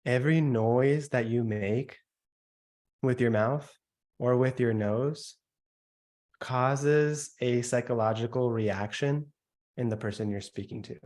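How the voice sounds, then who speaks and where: A man teaching a sales workshop, stressing points by slowing down and dropping his voice, and mimicking the noises listeners make. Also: medium pitch, darkish tone. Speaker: sales coach.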